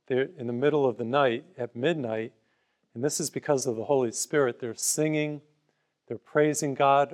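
A man's voice: mid-range voice, darkish tone. A man delivering a broadcast sermon in a mid-range voice. He talks conversationally, leaning on simple everyday parables, and offers listeners free booklets. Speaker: preacher.

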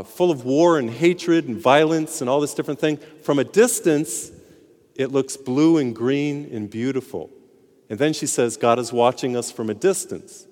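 A man, a priest, preaching a sermon, slowing down for emphasis and telling a joke along the way. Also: medium pitch. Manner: animated preaching, slows for emphasis. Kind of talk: sermon with told jokes. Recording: long hall reverb.

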